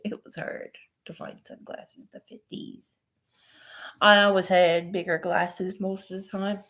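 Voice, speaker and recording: A woman's voice: lowish voice, level tone, measured pace, fairly bright tone. A woman vlogger in casual chat, rambling and laughing often as she talks. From Newfoundland, Canada.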